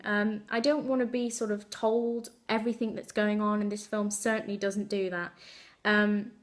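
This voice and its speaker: A woman's voice: a little high, fairly bright tone. A young woman giving a casual spoken film review, chatty with frequent fillers and restarts. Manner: chatty, many fillers and self-corrections.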